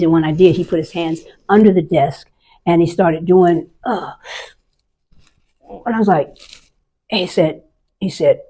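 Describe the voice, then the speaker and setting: Brief: veteran woman in her 60s, lowish voice, candid and emotional storyteller. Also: normal speed, long pauses, warm tone. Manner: candid, emotional, vivid recounting. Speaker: army veteran guest. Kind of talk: personal storytelling.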